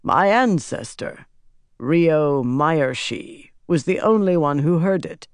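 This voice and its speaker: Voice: mid-range voice, animated, slow, clear, resonant tone, no echo, clean studio sound. A narrator voicing a solemn prophecy-reciting man.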